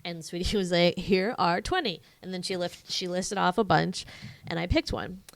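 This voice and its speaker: A woman co-hosting a podcast, chatting casually in a quiet, dry way that trails off. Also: on the low side, little pitch movement, moderate pace, gravelly, no echo. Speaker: podcast co-host. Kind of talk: casual chat.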